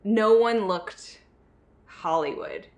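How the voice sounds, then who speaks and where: A woman's voice: mid-range voice, slow pace, darkish tone. A woman from the northern United States co-hosting a podcast, talking frankly about a movie with many fillers and restarts. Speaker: podcast co-host. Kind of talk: casual film discussion.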